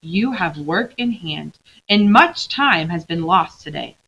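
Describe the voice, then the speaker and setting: A calm, grave old lion speaks softly and slowly, low and unhurried, as a woman reads him out. The sound is a little dull, like a lo-fi classroom recording. He is patient and kind, never loud. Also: gravelly, husky, exaggerated voice. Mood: gentle, grave. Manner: slow, quiet, grave. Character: great wise male lion, calm and gentle.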